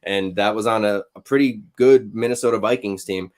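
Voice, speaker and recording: A male podcast guest breaks down his team in a measured, analytical way, pausing often with small hesitations. His voice sits fairly low and steady. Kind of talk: casual sports podcast analysis.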